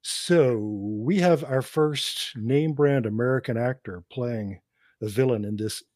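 A man's voice: medium pitch, takes it slowly, darkish tone, dry recording, studio quality. A man who teaches cinema, chatting on a podcast and telling film history like a lecturer, laughing between his points. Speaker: podcast co-host; cinema professor. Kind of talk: casual chat.

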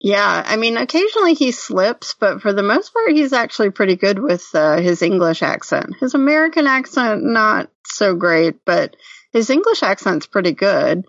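A woman co-hosts a podcast, chatting casually and offering frank opinions with lots of filler words. Her medium-pitched voice is sing-song at a moderate pace, with no room sound, yet the recording is muffled, lo-fi, and off-mic.

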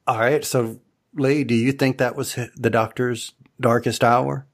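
A man's voice: mid-range voice, steady tone, measured pace. A man hosting a casual discussion podcast, often stumbling and repeating his words. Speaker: podcast host.

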